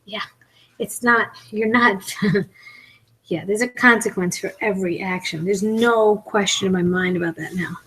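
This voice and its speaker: A woman's voice: medium pitch, steady tone, a little slow, a bit bright, husky, poor audio. Chatty self-mocking woman in her forties. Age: 40s. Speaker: comedian and mukbang vlogger. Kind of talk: casual chat while eating.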